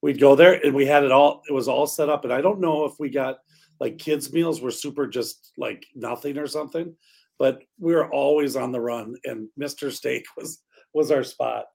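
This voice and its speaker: A middle-aged man with a gravelly, husky voice. He chats in a laid-back, teasing way as a podcast co-host. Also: medium pitch, normal speed, a little mellow. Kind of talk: casual chat.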